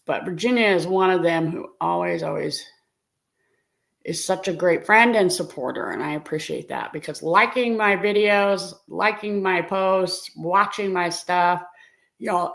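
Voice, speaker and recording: A woman's voice: fairly low pitch, measured pace, creaky, a bit bright. A middle-aged woman hosting a casual live stream and talking directly to her viewers in a chatty way. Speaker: live-stream host and reseller.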